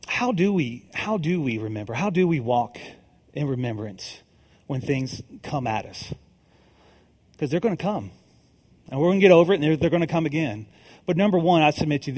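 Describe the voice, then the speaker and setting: A man's voice: high voice, darkish tone. A middle-aged man preaching a sermon, telling his own story and building to emphatic calls. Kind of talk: testimony sermon.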